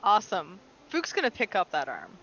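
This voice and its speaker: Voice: medium pitch, huge pitch swings, brisk, background noise. A player in a tabletop game, eager and chatty, often restarting sentences. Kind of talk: casual tabletop play. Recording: dull lo-fi stream audio with faint music.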